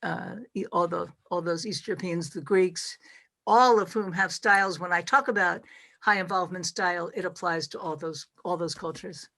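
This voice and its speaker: A woman professor from New York speaking on an online panel, quick and eager to add her point. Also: on the low side, fairly even intonation, a bit bright.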